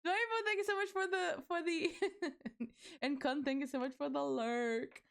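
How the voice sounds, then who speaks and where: A young woman livestreamer speaks at normal speed in a high, creaky voice with fairly even intonation. She chats casually with her viewers, giggling and bubbly, and swears freely.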